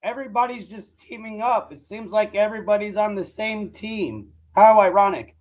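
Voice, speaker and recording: Hoarse man rambling on a live stream. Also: high voice, normal speed, low-quality recording. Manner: rambling, repeats himself, says "dude" often. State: hoarse, voice nearly gone. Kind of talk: casual live reaction commentary.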